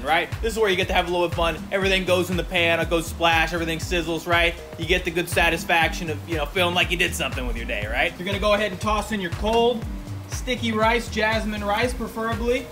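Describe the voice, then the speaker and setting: A man's voice: high-pitched, quick pace, music in the background. A young man hosting a casual home cooking video in his kitchen, joking and rambling with lots of fillers. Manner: joking, rambling, lots of fillers and "you know what I mean". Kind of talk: casual cooking show chat.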